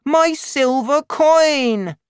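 A storybook reader voicing a ten-year-old boy in a raised, high, insistent voice. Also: slow, no echo, studio quality, close to an everyday voice. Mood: pleading. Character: small ten-year-old boy, pleading then crying out.

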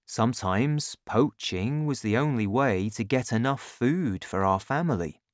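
A calm father figure voiced by an audiobook narrator, unhurried, lively pitch, no room echo. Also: clean studio sound, natural voice. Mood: calm, earnest. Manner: slow, measured storytelling delivery. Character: patient, gentle adult father. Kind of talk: audiobook reading.

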